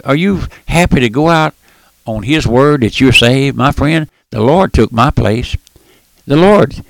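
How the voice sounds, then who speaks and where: Older man, radio preacher, gravelly voice, dry close sound, folksy and fervent. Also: mid-range voice, no room sound. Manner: impassioned, folksy, calls out "my friend", surges loud then drops soft.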